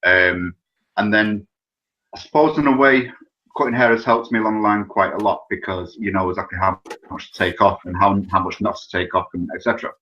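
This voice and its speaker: A man's voice: lowish voice, fairly quick, muffled recording. A British man, a guest on a podcast, talking informally and rambling about his barbering work. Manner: rambling, informal, filler-heavy. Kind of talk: casual podcast interview.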